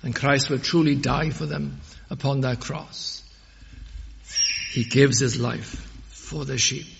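A man's voice: mid-range voice, fairly even intonation, slow, creaky, heavy background noise. Fervent male preacher in a reverberant hall. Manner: fervent, rising to loud emphatic peaks on scripture quotes. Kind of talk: sermon. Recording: muffled audio with long hall reverb.

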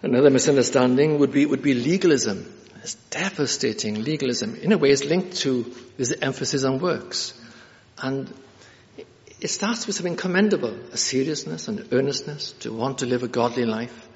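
A man preaching a sermon in an earnest, halting way, with many fillers and restarts. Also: mid-range voice, expressive. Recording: reverberant hall, dull lo-fi sound.

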